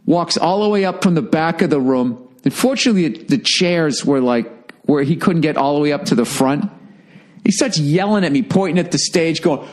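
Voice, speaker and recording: A man's voice: a little high, normal speed, a little mellow. A middle-aged man, a comedian, ranting heatedly and profanely in a sarcastic monologue.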